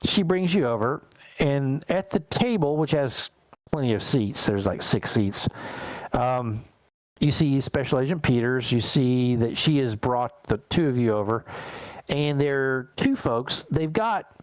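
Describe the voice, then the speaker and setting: A man runs a tabletop game, talking through the scene at a middling pitch in a relaxed, rambling way with plenty of fillers. The sound is dry and close. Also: unhurried, no room sound, poor audio. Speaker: game master.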